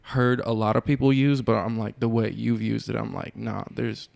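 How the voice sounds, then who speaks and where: A man's voice: fairly low pitch, level tone, moderate pace, creaky, darkish tone, no echo. A man hosting a podcast, asking casual interview questions, cursing loosely and filling with "like". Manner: casual, swears freely, fills with "like". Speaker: podcast host.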